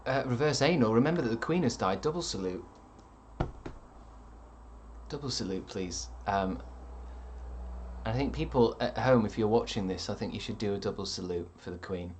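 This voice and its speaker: A man's voice: on the low side, animated, normal speed, pauses often, a little mellow, slight background noise. A man streaming live, reading out chat with rambling dry jokes and lots of ums.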